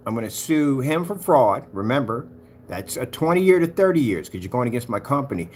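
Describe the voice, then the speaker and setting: Male vlogger, taunting rant, mid pitch, faint background hiss. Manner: taunting, mocking, swings between loud and muttered. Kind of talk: ranting monologue to camera.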